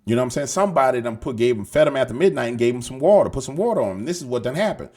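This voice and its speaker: A man's voice: mid-range voice, sing-song, very fast, dark tone. A man hosting casual news commentary, slangy and emphatic, swearing and repeating himself as he rambles. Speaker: show host.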